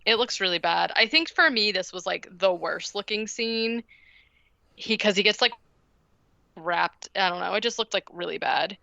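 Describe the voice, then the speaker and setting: Woman podcaster rambling thru a movie recap with lots of likes and ums, bright clear voice, dry and a bit muffled. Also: mid-range voice, animated, moderate pace, no echo. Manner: rambling, filler-heavy, giggly. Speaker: podcast co-host. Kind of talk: casual movie recap chat.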